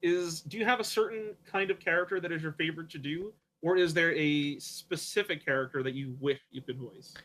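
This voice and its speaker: Bright-voiced, hesitant male interviewer. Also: on the high side, fairly quick, hardly any pauses. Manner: hesitant, filler-heavy, friendly questioning. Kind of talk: casual interview chat.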